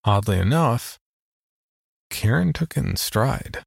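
A man reading a first-person horror story in a measured, low-key scripted narration. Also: expressive, vocal fry, husky, dry recording, clean studio sound.

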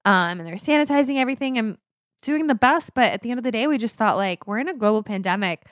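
A woman's voice: a little high, animated, fast, dry recording, studio quality. A woman in her thirties co-hosting a podcast in casual chat, candid and rambling, often correcting herself mid-sentence. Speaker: podcast co-host.

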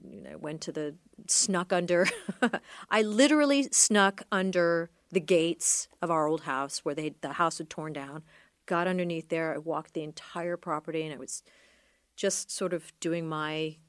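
A middle-aged woman telling a personal story as an interview guest, halting and trailing off with many fillers. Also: low voice, dry recording.

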